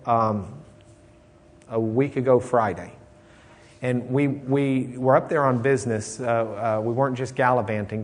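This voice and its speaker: A man teaching a casual Bible class, rambling through anecdotes with frequent restarts and fillers. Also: mid-range voice. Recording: long hall reverb.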